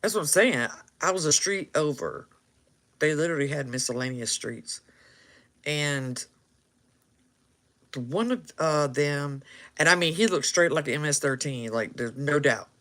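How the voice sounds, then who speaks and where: A man's voice: on the high side, unhurried, long pauses, pushed and bright. A man casually telling a story, laughing often and acting out what people said.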